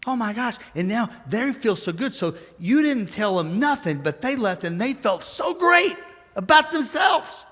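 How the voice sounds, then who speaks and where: A pastor with an extremely high-pitched voice preaches a conversational sermon a little slowly, in a big-room sound. He tells stories and animatedly acts out other people's lines.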